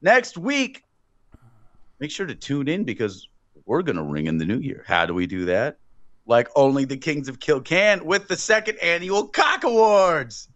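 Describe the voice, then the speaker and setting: A man co-hosting a horror podcast in crude, joking banter, often laughing and cursing, and swinging loud and high when riled. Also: sing-song, normal speed, dry recording. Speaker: podcast co-host. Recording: dull dry lo-fi sound.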